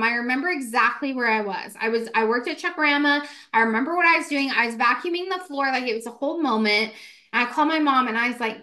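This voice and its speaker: A young woman in her twenties telling a ghost story in casual podcast chat, animated and full of "like" fillers. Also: high-pitched. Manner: animated, fast, many "like" fillers, acts out quotes. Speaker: podcast co-host.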